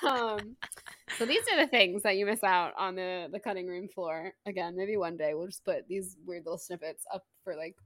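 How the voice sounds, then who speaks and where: A woman's voice: lowish voice, normal speed, fairly bright tone, no echo, clean studio sound. A woman, co-hosting a book podcast in casual chat, laughing often. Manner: chatty, laughs often, says "y'all". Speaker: podcast co-host.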